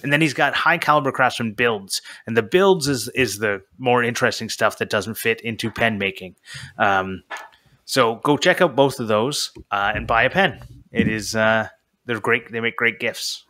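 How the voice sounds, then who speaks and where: Bright-voiced man hosting a chatty podcast. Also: mid-range voice, normal speed. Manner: relaxed, chatty, trails off with fillers. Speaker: podcast host. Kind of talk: casual chat.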